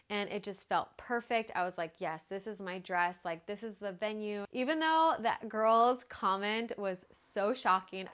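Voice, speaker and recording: A woman in her thirties chats to camera in a casual storytelling vlog. Her pitch sits in the middle range, and she acts out her own past lines with bursts of energy. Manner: chatty, animated, lots of "like" fillers and acted-out quotes. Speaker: fitness vlogger.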